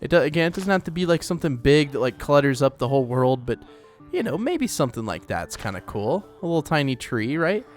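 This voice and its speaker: A man hosts a let's play, rambling casually through gameplay commentary with lots of fillers. His medium-pitched voice is very animated and brisk, with hardly any pauses, and faint music plays behind him.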